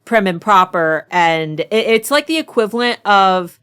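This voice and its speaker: American woman co-host, mid-pitched voice, teasing and quick to giggle in relaxed book talk. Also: smooth. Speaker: podcast co-host. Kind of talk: casual chat.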